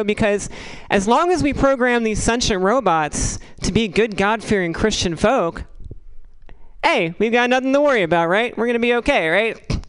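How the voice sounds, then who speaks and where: A woman doing a stand-up comedy set, rambling and halting, with crude asides delivered deadpan. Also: mid-range voice, smooth, low-quality recording.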